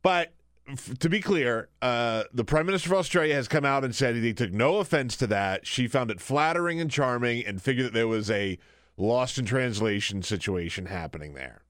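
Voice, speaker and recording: A man's voice: mid-range voice, animated, moderate pace, a bit bright, no room sound, studio quality. A man filling in as the host of a radio talk show, chatting casually and laughing often.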